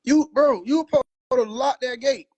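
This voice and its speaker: A man's voice: very high voice, normal speed, mellow. A man riffing in a casual livestream, profane, slangy and laughing often. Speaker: livestream host.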